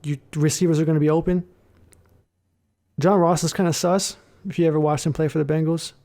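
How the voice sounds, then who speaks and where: A man's voice: a little high, little pitch movement, fairly quick, warm tone. A young man co-hosting a podcast, chatting loosely and animatedly about football and saying "bro" often. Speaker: podcast co-host. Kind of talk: casual sports chat.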